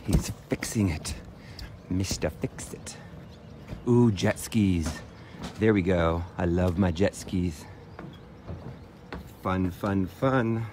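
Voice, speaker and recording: A man chats his way through a lakeside walking tour, playful and unhurried, pausing often with "uh". His voice sits low and he talks slowly. Steady outdoor noise is clearly heard behind him. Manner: playful, chatty, with frequent "uh" pauses. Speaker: vlogger giving a walking tour. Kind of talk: casual walking-tour vlog. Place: outdoors by a lake.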